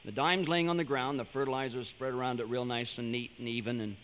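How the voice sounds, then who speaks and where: A man giving an animated, storytelling sermon-style talk to a young audience, building to emphatic points. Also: mid-range voice, fast talker, slight background noise. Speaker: speaker addressing a young audience. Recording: long hall reverb.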